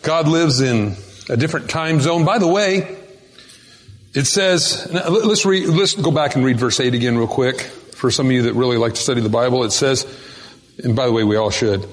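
A man preaching a sermon as pastor, emphatic, slowing down to stress key words. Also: mid-range voice. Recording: long reverb of a large hall.

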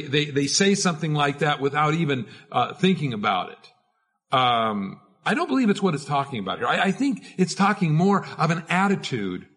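A man's voice: fairly high pitch, a bit bright, husky. A man preaching a conversational sermon as a pastor, informal and prone to repeating words.

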